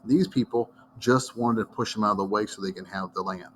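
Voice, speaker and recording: A man's voice: fairly low pitch, fairly even intonation, brisk, a little hiss or hum. A middle-aged man from Iowa giving a casual history lesson, telling stories in a folksy, wandering way. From Iowa, United States. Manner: folksy, digressive storyteller. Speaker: history teacher. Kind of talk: casual classroom lecture.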